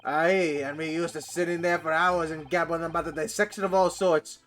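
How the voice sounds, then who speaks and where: A man reading the lines of an older male prison governor, in a low, slow and measured way. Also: steady tone, fairly bright tone, faint music behind, lightly acted. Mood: gruff.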